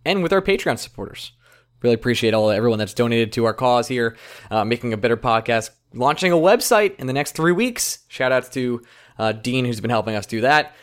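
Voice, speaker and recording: A young adult man hosting a casual sports podcast, joking and bursting into loud excited outbursts. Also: mid-range voice, brisk, smooth. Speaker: podcast host.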